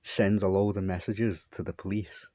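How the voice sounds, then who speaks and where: A man's voice: sits low, level tone, moderate pace, darkish tone, no echo. A man telling a long, meandering story in a repetitive monologue. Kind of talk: rambling monologue.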